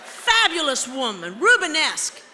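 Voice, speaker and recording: A woman telling a story from the stage of a large auditorium, theatrical and teasing. Her voice is high, bright and full of swoops. Long reverb trails every line. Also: wildly swooping pitch, moderate pace, a faint crowd, slight background noise. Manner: theatrical, playful, teasing the audience. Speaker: keynote speaker, storyteller. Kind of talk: live storytelling keynote.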